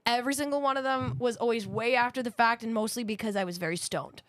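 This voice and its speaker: A woman's voice: a little high, quick pace, no room sound, clean studio sound. A woman in her thirties co-hosting a podcast in casual chat, blunt and swearing freely, laughing as she talks. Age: 30s. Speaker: podcast co-host.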